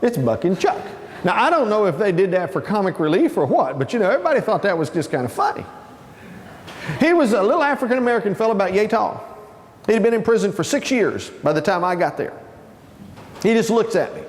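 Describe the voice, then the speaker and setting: A man tells a comic story to a conference audience and acts out the people in it. His high voice swoops up and down with energy. It rings through a large hall with a long reverb. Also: very animated, fairly quick. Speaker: conference speaker. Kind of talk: humorous storytelling talk.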